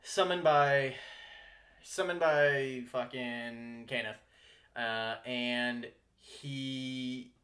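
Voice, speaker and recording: A man's voice: mid-range voice, steady tone, drawn-out words, fairly bright tone. A man co-hosting a podcast, chatting casually, swearing freely and laughing often in exasperated banter. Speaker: podcast co-host.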